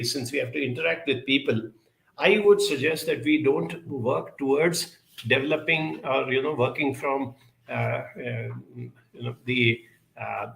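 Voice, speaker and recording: Earnest creaky-voiced man in an echoey room. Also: a little high, bright, forceful tone. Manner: measured, earnest, with frequent pauses and 'uh' fillers. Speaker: speaker answering audience questions. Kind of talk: advice talk.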